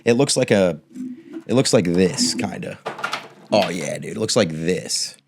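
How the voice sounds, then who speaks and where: A podcast co-host with a low, gravelly voice tells a long, rambling story over some background noise. He speaks a little slowly with lively intonation, swearing casually in a loose, chatty way and acting out the quotes.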